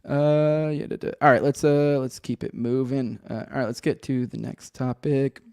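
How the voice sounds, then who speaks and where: Podcast host: man, rambling and sardonic, swears freely, dark mellow voice on a dry, close track. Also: medium pitch, steady tone, normal speed, creaky, clear, resonant tone, no echo. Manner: rambling, profane, sardonic, many restarts. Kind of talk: casual solo commentary with chat. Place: home room with a cat and a desk.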